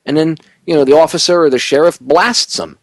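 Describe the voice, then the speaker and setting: A man's voice: fairly high pitch, a little fast, no echo. A middle-aged man hosting a talk radio show, ranting emphatically and often stammering and restarting.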